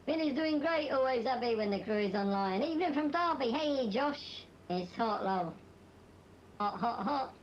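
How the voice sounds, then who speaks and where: A woman's voice: high voice, animated, moderate pace, dull audio, slight background noise. A woman streaming a game, chatting to viewers in a blunt, sweary, dismissive way; her voice is off from its usual sound. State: voice not at its normal sound. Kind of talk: live-stream chat while gaming.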